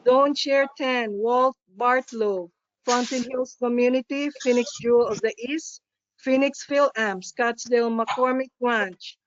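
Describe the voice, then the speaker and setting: A woman briskly reading through a list of names and places on a video call. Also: a little high, no room sound. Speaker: club officer reading a list. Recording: muffled, dry video call audio.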